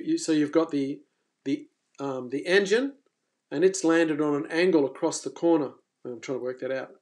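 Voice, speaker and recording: A man hosting a fishing live stream, telling a story casually and with energy, stumbling and restarting, then trailing off quietly. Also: fairly high pitch. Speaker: fishing coach and channel host.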